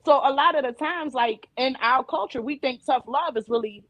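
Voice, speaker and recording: A woman's voice: high voice, normal speed, no echo, poor audio. Storytelling mother on a panel, dry close sound. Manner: animated storyteller who acts out quoted dialogue. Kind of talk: casual panel discussion.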